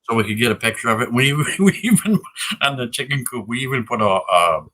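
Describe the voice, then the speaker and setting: A podcast co-host in casual chat, laid-back and quick to laugh. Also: mid-range voice, lively intonation, bright, forceful tone.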